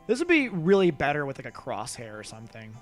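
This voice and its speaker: A man's voice: medium pitch, huge pitch swings, quick pace. Rambling, self-deprecating game streamer man. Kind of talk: casual live gameplay commentary. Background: faint game music.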